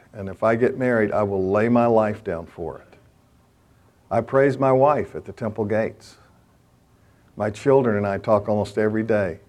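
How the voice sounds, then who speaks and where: A man's voice: lowish voice, a little mellow. A middle-aged man giving a sermon-style talk to men, telling stories and rising to fervent prayer. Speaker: chaplain speaking to men.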